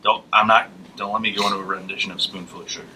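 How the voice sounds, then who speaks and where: A man's voice: fairly low pitch, fairly even intonation, racing, pushed and bright, recorded from a distance, slight background noise, poor audio. A man co-hosting a casual podcast, telling stories and explaining jokes. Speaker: podcast co-host. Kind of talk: casual chat.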